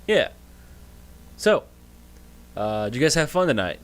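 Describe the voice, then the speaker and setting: A man's voice: medium pitch, sing-song, measured pace, fairly bright tone, smooth. A man narrating as game master of a livestreamed tabletop game, improvising loosely and correcting himself as he goes.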